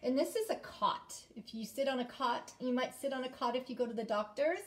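A woman teaching an early-grade phonics lesson, clearly sounding out letters and inviting children to repeat after her. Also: sits high, fairly quick.

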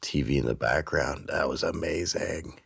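A man hosting his channel who reviews sound-design software in a casual, excited way, using a shotgun mic. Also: rumbling low, normal speed, gravelly, breathy edge, dry recording. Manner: excited, enthusiastic. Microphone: shotgun microphone.

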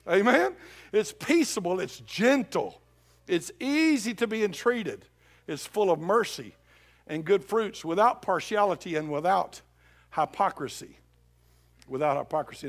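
A male pastor preaching a sermon in a church, dropping to a hush for scripture and rising to shouts. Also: fairly high pitch. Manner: swings from hushed scripture reading to loud shouted exhortation. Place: church sanctuary.

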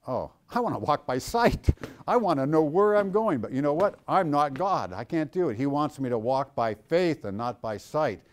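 A man teaching a Bible class, lively and engaging, often putting questions to his students. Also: fairly high pitch. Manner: animated, asks the class questions.

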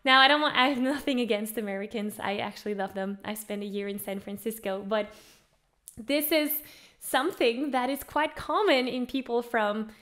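Bright-voiced upbeat female vocal coach. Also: a little high, normal speed. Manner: upbeat, explanatory, demonstrates with her voice. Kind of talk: online singing lesson.

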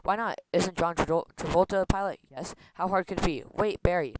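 A man rushing through a comic read-through of a film script, stumbling over words and restarting lines. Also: sits high. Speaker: script reader. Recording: loud background noise with clicks.

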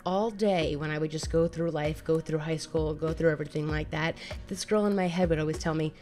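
A woman's voice: deep voice, steady tone, brisk, few pauses, darkish tone. A woman in her thirties, speaking as a mental health advocate and telling her personal story in a candid, conversational way that often repeats phrases.

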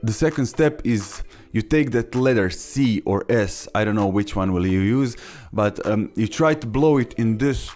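A young man hosting a casual beatbox tutorial, talking haltingly with many fillers and restarts. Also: on the low side, animated, a little mellow. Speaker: beatbox tutorial channel host.

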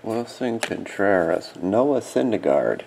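A man's voice: on the low side, very animated, creaky, darkish tone, a little hiss or hum. A man hosting a card break, yawning and sleepy with watery eyes, calling out card names casually. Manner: drowsy, yawning, reads card names in quick bursts.

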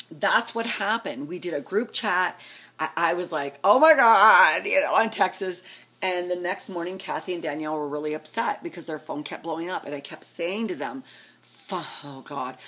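A woman vlogger telling a casual story, animated and acting out what people said with big jumps in her voice. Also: breathy edge. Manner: animated, acts out quotes with big pitch jumps.

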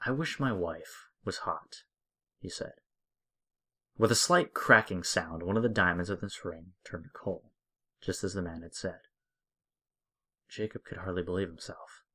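A man narrating a dark short story in a steady storytelling manner. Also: low voice. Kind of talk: scripted horror story narration.

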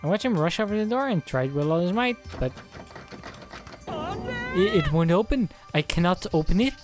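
Low-voiced woman reading a game aloud. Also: very animated, moderate pace, a little mellow. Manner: casual, jokey, voices every character. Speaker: let's play host. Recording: voice with game music behind. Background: game music.

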